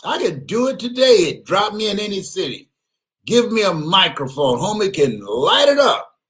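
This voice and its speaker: A man giving an animated motivational speech, often laughing, repeating words and bursting into shouts. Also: high voice, normal speed. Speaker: motivational speaker.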